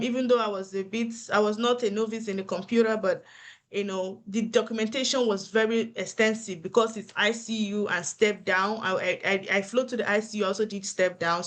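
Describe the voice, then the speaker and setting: A woman, an earnest nurse giving encouraging career advice and repeating her points for emphasis. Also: medium pitch. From Africa. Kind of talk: motivational advice talk.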